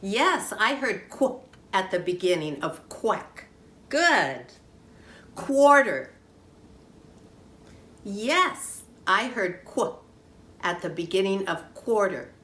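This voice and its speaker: A woman's voice: mid-range voice, big pitch swings, bright, forceful tone. Woman teacher chanting phonics in an echoey room. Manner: slow, clearly sounded-out, sing-song chanting. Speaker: kindergarten teacher. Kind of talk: phonics lesson for young children. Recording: echoey room, faint background noise.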